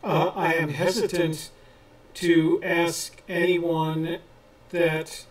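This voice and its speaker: A man co-hosting a casual live chat, answering viewer questions in a measured, explanatory way with frequent pauses. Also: a little high, little pitch movement. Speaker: co-host of a treasure-hunt channel. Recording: voice a little distant from the mic.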